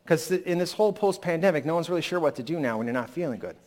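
A pastor with a fairly high, expressive, slightly mellow voice preaches at rapid-fire speed. He's still getting over a lingering cold, and his sermon is candid and conversational, broken by sudden emphatic rises.

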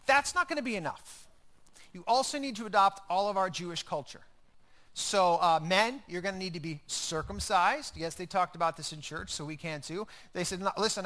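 Bright-toned man preaching a sermon. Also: high-pitched. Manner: conversational preaching with emphatic repetition. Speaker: pastor.

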